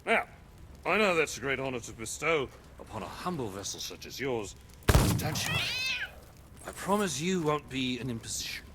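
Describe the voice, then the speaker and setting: A swaggering pirate captain from a game, voiced by an actor, theatrical and slurring. His pitch swoops up and down in lively arcs. Faint noise sits underneath. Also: normal speed, close to an everyday voice. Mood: scheming. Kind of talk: game character dialogue.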